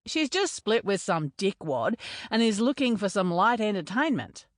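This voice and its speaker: A woman's voice: mid-range voice, sing-song, normal speed, dry recording, clean studio sound, lightly acted. A woman doing a cheeky teasing rugby lad. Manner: teasing, upbeat. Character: cheeky male rugby teammate.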